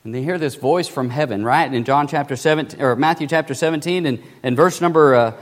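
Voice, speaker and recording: A man preaching a sermon, emphatic, dropping to a hush and then rising loud, slowing down on key words. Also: fairly high pitch. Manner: emphatic, swings between loud and hushed, slows for stress. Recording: long hall reverb.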